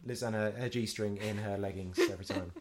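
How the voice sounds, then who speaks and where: A man co-hosting a casual podcast, teasing his co-host in a dry, deadpan way. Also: fairly low pitch, a little fast.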